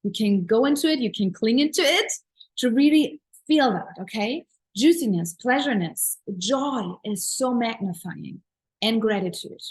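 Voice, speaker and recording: A woman's voice: on the high side, animated, a little slow, breathy edge, rough recording. Woman teaching manifestation with gushing enthusiasm. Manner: earnest, repetitive, emphatic affirmations; enthusiastic, gushing about pleasure and gratitude. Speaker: manifestation coach. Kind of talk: spiritual teaching talk.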